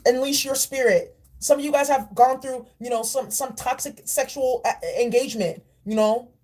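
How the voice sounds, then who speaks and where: A woman reading oracle cards with a high, husky voice. She preaches in a blunt, profane way. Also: normal speed, darkish tone. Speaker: spiritual reader. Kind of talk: tarot and oracle card reading.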